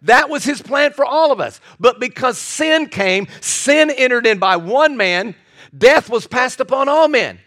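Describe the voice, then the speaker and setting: A man's voice: very high-pitched, animated, unhurried, a bit bright. A middle-aged male pastor preaching a sermon, impassioned, often restarting and repeating words and asking the congregation questions.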